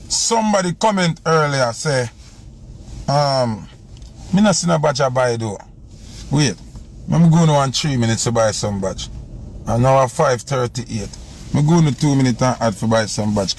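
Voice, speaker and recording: A man's voice: mid-range voice, darkish tone, a little hiss or hum. A man with a Jamaican accent chatting casually on a phone live stream, rambling and repeating himself while he scrolls through comments. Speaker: selector going live.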